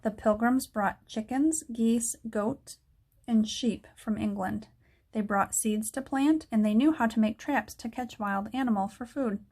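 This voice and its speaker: A woman narrating a children's book aloud in a steady storytelling manner. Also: a little high, a little slow.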